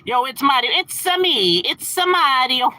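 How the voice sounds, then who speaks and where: A man doing a squeaky cheery Mario. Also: very animated, pushed and bright, heavily acted. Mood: playful. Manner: high, sing-song, halting impression. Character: cheery Italian plumber hero, adult man.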